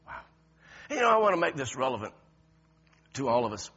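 A man preaching a sermon, moving from quiet, intense passages to loud shouted ones, often laughing as he talks. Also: mid-range voice, sing-song, fairly quick, breathy edge. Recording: lo-fi, dull sound.

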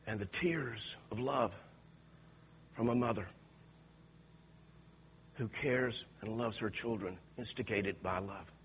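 A man's voice: medium pitch, husky, muffled recording. A male preacher giving an impassioned sermon with repeated exhortations to the congregation.

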